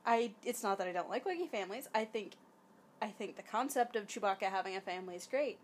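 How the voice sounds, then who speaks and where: A woman's voice: mid-range voice, expressive, fast talker, slight background noise. A woman chatting casually while watching a film, making wry, critical and teasing remarks. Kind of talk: casual watch-along commentary.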